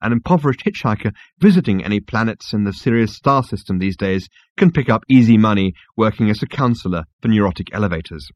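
A man reads a comic story aloud in a wry, expressive manner. His pitch moves lively through each sentence. The recording is dry and a little dull. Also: fast talker, few pauses, no echo. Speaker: audiobook narrator. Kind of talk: scripted comic narration.

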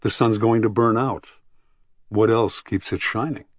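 Man as a gentle thoughtful philosopher. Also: on the low side, fairly even intonation, a little slow, dry recording, studio quality. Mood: earnest.

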